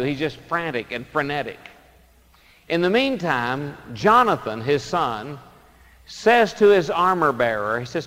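A male pastor preaching a sermon, telling stories dramatically and swinging between loud emphasis and soft asides. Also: fairly high pitch, animated, normal speed, big-room sound.

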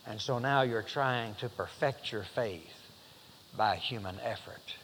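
A man's voice: mid-range voice, a little slow, a bit bright, in a large hall, slight background noise, low-quality recording. A man preaching a sermon, rambling with many fillers and restarts, then building to emphatic passages.

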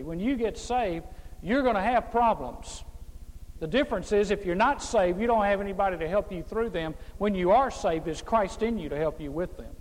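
Emphatic high-voiced preacher in a reverberant hall. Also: male voice, darkish tone. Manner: emphatic preaching with repeated refrains and humor. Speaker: pastor. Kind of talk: sermon.

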